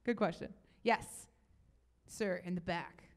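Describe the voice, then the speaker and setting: A young woman giving a talk at a youth event, telling stories in a chatty, animated way and taking audience questions. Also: on the low side, slow. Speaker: speaker.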